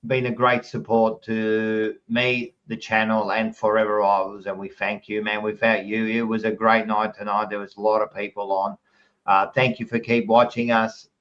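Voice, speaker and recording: An Australian man hosting a fan podcast, rambling and excitable as he signs off the live stream and swears freely. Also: on the low side, moderate pace, recorded from a distance, lo-fi sound. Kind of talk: casual live-stream sign-off.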